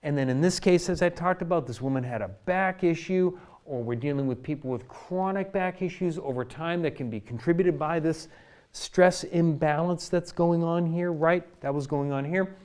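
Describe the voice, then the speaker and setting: A man's voice: fairly high pitch, normal speed, darkish tone. A man who works as a chiropractor, explaining a health topic to camera from his office in a conversational way, checking in with "right?" and "okay?". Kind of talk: educational health talk to camera.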